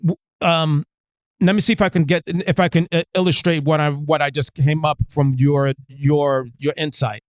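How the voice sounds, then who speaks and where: A man with a fairly high voice, recorded close and dry, talking casually about politics. He is agreeable and halting and often stops to restart his thought. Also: steady tone, dry recording. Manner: agreeable, halting, with many restarts and frequent "right, right". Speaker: podcast co-host.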